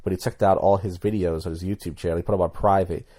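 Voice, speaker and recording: Low-voiced, dark-toned rambling man. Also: steady tone, fast talker. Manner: rambling, blunt, many restarts. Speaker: YouTuber. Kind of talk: casual commentary vlog.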